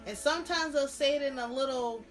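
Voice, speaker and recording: A woman's voice: sits high, a little fast, soft background music. A woman co-hosting a podcast in casual chat, earnest and emphatic as she gives advice. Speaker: podcast co-host.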